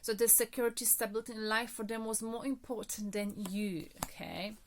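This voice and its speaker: A woman's voice: on the high side, fairly even intonation, fairly quick, a little hiss or hum. Breathless, chatty woman tarot reader. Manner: chatty, frequent fillers and "okay?" check-ins. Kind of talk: casual tarot reading monologue.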